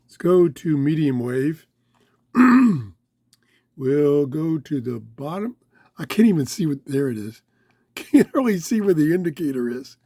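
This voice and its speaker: A man with a voice going hoarse, chatting excitedly as he tries out a small radio in his home office. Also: a little high, a little slow, dry recording. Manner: chatty, easily excited, talks while fiddling. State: losing his voice, throat-clearing. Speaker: radio reviewer. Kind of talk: casual hands-on product review. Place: home office full of electronics.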